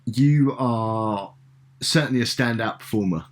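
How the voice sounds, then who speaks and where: A man's voice: mid-range voice, a little slow. A man from Britain hosting a podcast interview, asking rambling, hesitant questions with fillers. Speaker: podcast host. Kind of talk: conversational interview.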